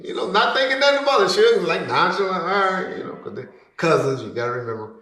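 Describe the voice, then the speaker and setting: A man telling a story in casual talk, animated, who acts out the people he quotes with sudden loud, high bursts. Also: fast talker. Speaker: podcast guest telling a story. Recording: roomy echo.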